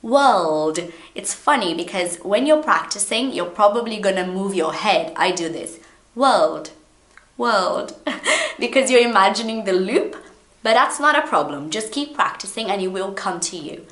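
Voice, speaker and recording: A woman whose first language is Portuguese, teaching an English pronunciation lesson to camera in a playful, animated way and repeating words slowly to demonstrate. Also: mid-range voice. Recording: echoey room.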